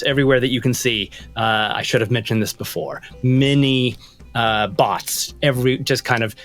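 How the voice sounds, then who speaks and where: A man narrating a tabletop game as game master, loose and playful, often stopping to correct himself. His pitch sits in the middle for a man. Soft music runs quietly under his voice. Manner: rambling, self-correcting, playful.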